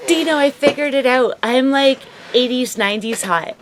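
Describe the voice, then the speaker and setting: A woman's voice: sits high, normal speed, a little hiss or hum. A woman co-hosting a casual chat show, talking chattily with frequent giggles and "like" fillers. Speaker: co-host.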